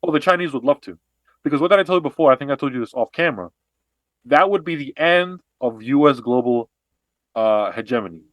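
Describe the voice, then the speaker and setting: A man co-hosting a podcast, explaining history and politics in an animated, casual way with frequent restarts and fillers. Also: mid-range voice, a little fast, no room sound. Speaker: podcast co-host.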